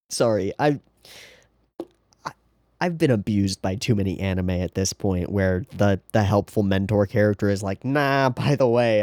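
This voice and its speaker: A man's voice: fairly low pitch, a little mellow, no room sound, studio quality. A man hosting an anime reaction, talking through the episode in a casual, sarcastic way with rambling asides.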